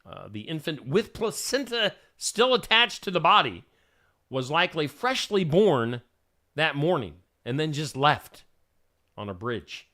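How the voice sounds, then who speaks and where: A male radio host reads the morning news in a casual, chatty way. His voice is bright and forward, and it rises and falls a lot as he drops joking asides between stories. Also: a little high, very animated, unhurried.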